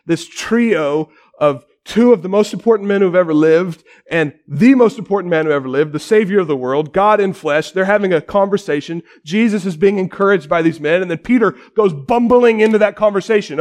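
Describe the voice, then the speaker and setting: A male pastor preaching a sermon with dramatic storytelling, often dropping to a near-hush for weight. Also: high-pitched, a little fast.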